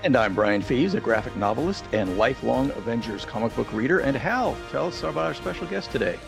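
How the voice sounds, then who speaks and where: A man's voice: mid-range voice, lively intonation, fairly quick, gravelly, music in the background. A man co-hosting a podcast, chatting with easygoing enthusiasm. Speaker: podcast co-host. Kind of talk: casual podcast chat.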